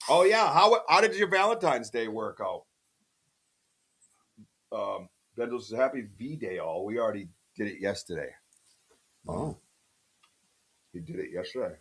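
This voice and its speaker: A man hosting a casual podcast livestream from his home studio, talking in an excitable, rambling way and giving shout-outs to the chat. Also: fairly low pitch, measured pace, pauses often, breathy edge. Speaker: podcast host.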